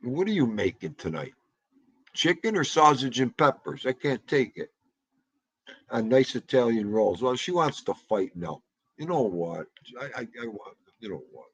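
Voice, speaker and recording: Profane, rambling livestream host. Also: male voice, medium pitch, very animated, normal speed, slightly rough, poor audio. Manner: rambling, profane, joking banter. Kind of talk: casual livestream chat.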